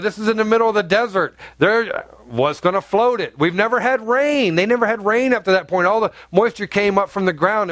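High-voiced man preaching conversationally. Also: fairly bright tone, dry recording. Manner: conversational, emphatic preaching with rhetorical questions. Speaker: pastor. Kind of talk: sermon.

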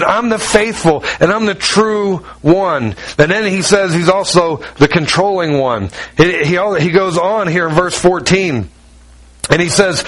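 A middle-aged man preaching a sermon in a fairly high-pitched voice. He drives his points home through repetition and acts out the lines he quotes, shifting between reading and conversational preaching. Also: a bit bright, poor audio. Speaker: pastor.

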